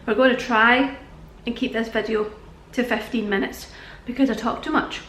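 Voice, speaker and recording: Young British woman vlogging, breathless and chatty, higher voice in a roomy space. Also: steady tone, normal speed, a bit bright, slight background noise. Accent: British English. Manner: chatty, rambling, laughing often. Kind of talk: casual chat to camera. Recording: echoey room.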